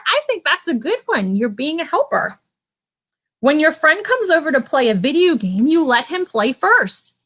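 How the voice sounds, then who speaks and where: Children's church teacher, woman, slightly high-pitched, encouraging, patient. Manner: gentle, encouraging, asks kids questions. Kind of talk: online children's church lesson. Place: at home.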